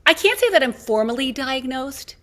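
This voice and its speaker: Lively storytelling woman podcast host. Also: sits high, moderate pace. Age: 50s. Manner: animated storyteller acting out quoted dialogue. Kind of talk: casual conversation, storytelling.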